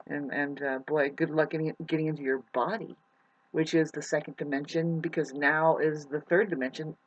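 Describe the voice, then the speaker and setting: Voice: mid-range voice, steady tone, moderate pace. A speaker giving a rambling, preachy monologue, often stopping to correct themselves. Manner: wandering, self-correcting, preachy. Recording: dull lo-fi recording.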